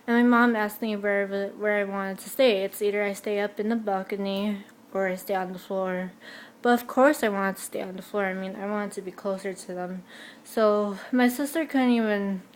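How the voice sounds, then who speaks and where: A teenage girl excitedly telling a personal story, full of "like" and "I'm like". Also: mid-range voice, slight background noise. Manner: bubbly, lots of 'like' and 'I'm like'. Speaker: vlogger.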